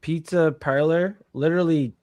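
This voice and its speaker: A man's voice: fairly high pitch, steady tone, moderate pace, darkish tone, no echo. Laid-back Canadian man chatting. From Canada, Prince Edward Island. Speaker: co-host. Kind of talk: casual podcast chat.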